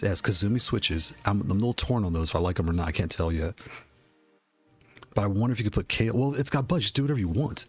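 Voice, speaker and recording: A man from the Northeast of the United States chatting casually on a live stream, reacting with excitement and thinking aloud as he answers chat questions. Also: fairly low pitch, husky. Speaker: streamer reviewing game controllers.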